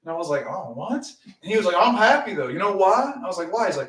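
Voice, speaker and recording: A middle-aged man with a drawl talks on his livestream, cursing freely and rambling through stories. His voice sits high for a man. He is heard from back off the mic, in a room with noticeable echo. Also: big pitch swings, fast talker, a bit bright, far from the mic. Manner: profane, rambling storyteller. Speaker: livestream host. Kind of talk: casual livestream chat. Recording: roomy, off-mic.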